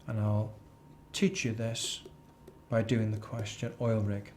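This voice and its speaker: A man's voice: fairly low pitch, flat delivery, slow, darkish tone, a little hiss or hum. A man teaching an accounting exam class, chatty and repeating key phrases as a drill. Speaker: accounting tutor. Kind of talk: live exam tuition lecture.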